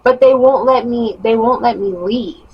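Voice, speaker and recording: A young woman vlogger telling a personal story in a casual, animated monologue with emphatic rising bursts. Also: on the high side, measured pace, breathy edge, dull audio.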